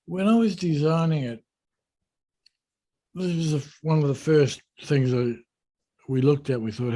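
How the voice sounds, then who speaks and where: A man, a yacht designer in an interview, telling a story in a relaxed, unhurried and self-deprecating way. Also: mid-range voice, husky.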